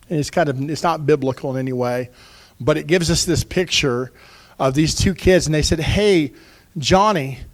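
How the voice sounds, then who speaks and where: Pastor, man, high voice, urgent earnest sermon delivery with chatty asides.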